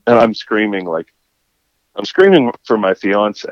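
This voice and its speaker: On a podcast, a man who runs fishing charters shares a story in relaxed conversation, his voice on the low side and a little slow. He brings it to life by acting out the quotes. The sound is lo-fi, with no echo.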